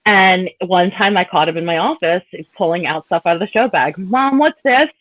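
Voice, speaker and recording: A woman's voice: lowish voice, brisk, a bit bright. A woman guest in a casual chat, telling stories about her son and laughing easily. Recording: dull dry line.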